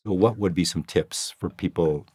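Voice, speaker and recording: Very deep-voiced male podcast host. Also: normal speed, darkish tone. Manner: friendly, prompting questions, affirming answers. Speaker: podcast host interviewing test takers. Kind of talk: casual interview.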